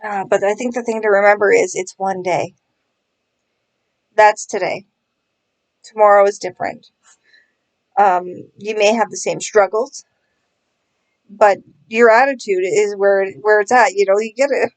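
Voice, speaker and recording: A woman's voice: medium pitch, fairly even intonation, a little slow, pauses often. A woman vlogger in casual chat, sarcastic and self-mocking, laughing often as she talks.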